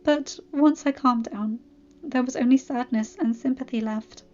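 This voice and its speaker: A woman voicing a young noblewoman who speaks gently and then with lively emphasis, in a fan-fiction audiobook reading. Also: high-pitched, a little slow, lo-fi sound, soft background music. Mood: earnest.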